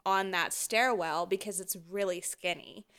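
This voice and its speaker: A woman co-hosting a podcast, telling a story in casual chat, animated and often laughing as she acts out what people said. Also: mid-range voice, unhurried, smooth. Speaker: podcast co-host.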